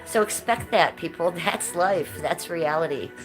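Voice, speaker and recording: Woman streamer, lowish voice, blunt, foul-mouthed, music underneath. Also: unhurried, low-quality recording. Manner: blunt, combative, swears freely. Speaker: livestreamer. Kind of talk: casual livestream chat. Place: indoors at home, high-ceilinged room.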